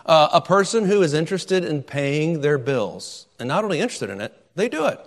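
A man's voice: fairly high pitch, very animated, a little fast, big-room sound. A man preaching a sermon, emphatic and repeating words as he drives his points home.

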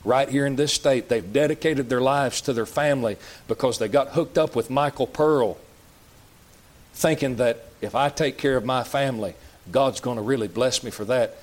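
A man's voice: medium pitch, normal speed. A man preaching a sermon in a church, folksy and plain-spoken, asking the congregation question after question. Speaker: pastor.

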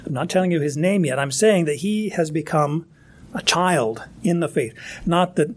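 A man's voice: a little high, normal speed. A man preaching a sermon in a conversational, emphatic way, often restarting his phrases. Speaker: pastor.

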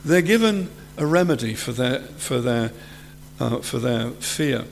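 A man preaching a sermon with earnest conviction, at times lifting his voice high to act out a frightened figure. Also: animated, a little slow, gravelly, slight background noise. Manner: earnest, rises high to act out quoted fear. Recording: long hall reverb.

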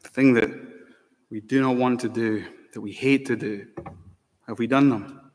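A man's voice: mid-range voice, fairly even intonation, normal speed, a little mellow. A man preaching a sermon as pastor, earnest, asking the congregation pointed rhetorical questions. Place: church. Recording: long church reverb.

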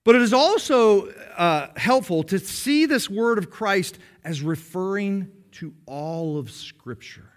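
A man preaching a sermon to his congregation, explaining patiently and slowing down to stress key phrases. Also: high voice, expressive. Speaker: pastor.

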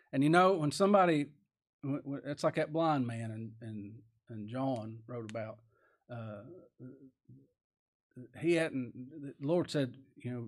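A man preaching a sermon in a folksy, plain-spoken way, often asking his listeners questions and raising his voice to loud cries for emphasis. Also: medium pitch.

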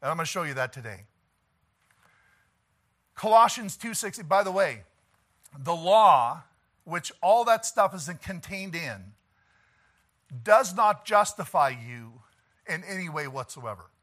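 A man preaching a sermon, swinging from quiet pleading to shouted declarations and chuckling between points. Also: high voice, animated, unhurried, long pauses. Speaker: pastor.

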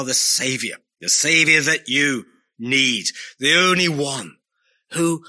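Male preacher, bright ringing tone, earnest, asks pleading questions throughout a sermon. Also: medium pitch.

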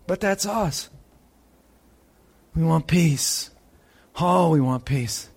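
A man delivers a sermon in a slightly husky voice that sits a little above the usual pitch for a man. His delivery swings between loud, urgent peaks and soft, hushed stretches. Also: drawn-out words. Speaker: preacher.

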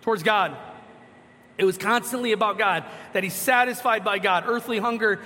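Pastor preaching, male, high bright voice, poses questions and answers them, reads scripture, long hall reverb. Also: normal speed. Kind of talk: sermon.

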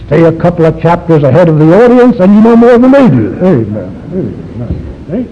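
A man's voice: sits high, expressive, fast talker, mellow, slight background noise. A man teaching a Bible study to a live class, emphatic and full of rhetorical questions. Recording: dull lo-fi recording.

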